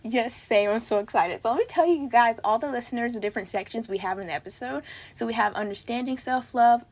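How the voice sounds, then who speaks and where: A teenage girl hosts a casual podcast chat in a bubbly, upbeat voice. She strings her thoughts together with frequent "like" fillers and sounds excited about her guest. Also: fairly high pitch, fast. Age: teens. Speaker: podcast host.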